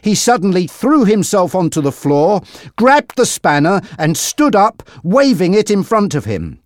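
A narrator reading a crime story aloud in a deliberate, expressive way. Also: mid-range voice, no echo, clean studio sound. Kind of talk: slow dramatic storybook reading.

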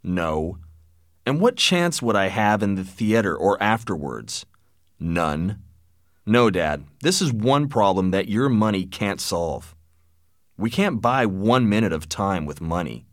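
A man's voice: lowish voice, big pitch swings, slow pace, no room sound. Guy reading a young son, earnest and plaintive, dry close sound.

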